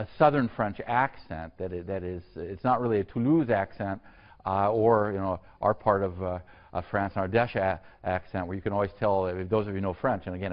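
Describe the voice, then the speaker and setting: A man giving a university history lecture in a halting, digressive way, full of fillers and restarts. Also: low voice. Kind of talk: classroom lecture. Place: lecture hall. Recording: dull lo-fi lecture recording.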